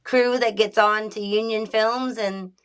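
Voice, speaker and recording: A woman chatting casually on an online show, relaxed and soft-spoken. Her voice sits at an ordinary middle pitch. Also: unhurried, clear, resonant tone. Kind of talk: casual livestream chat.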